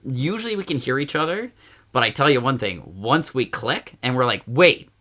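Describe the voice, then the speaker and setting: A man from Nova Scotia with a Nova Scotian accent, a podcast guest telling stories in a chatty, animated way, full of fillers, restarts and quoted asides. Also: medium pitch, brisk. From Nova Scotia, Canada. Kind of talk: casual conversational interview.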